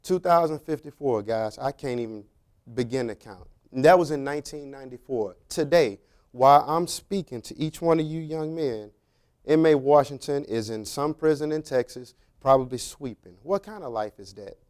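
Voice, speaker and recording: A man's voice: medium pitch, moderate pace. A man, a former prison officer, giving a storytelling talk to young men, acting out dialogue in colloquial, loose phrasing. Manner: animated storytelling with acted-out dialogue; colloquial, drawling street phrasing.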